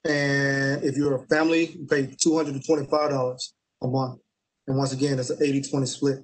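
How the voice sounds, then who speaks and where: A young man, an Army staff sergeant, answering interview questions in a relaxed way with many fillers and restarts. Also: mid-range voice, a little fast, poor audio.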